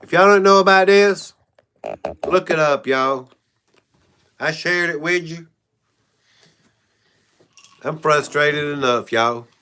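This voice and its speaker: Guy rambling on a livestream, bright clear kinda high voice, keeps talking to viewers. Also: takes it slowly, pauses often, a little hiss or hum. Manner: rambling, frank, frequent "y'all". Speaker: channel host. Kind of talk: casual livestream talk.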